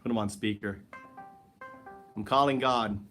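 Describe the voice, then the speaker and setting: A man's voice: lowish voice, fairly even intonation, unhurried, a bit bright, soft background music. A man hosting a solo livestream from home, rambling in a wry, joking way and talking to an absent listener. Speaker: livestream host.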